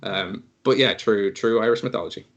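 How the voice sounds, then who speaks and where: A man's voice: on the low side, a little fast, lo-fi sound. A man running a tabletop game as game master, rambling and joking and tripping over his words. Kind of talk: casual tabletop game narration.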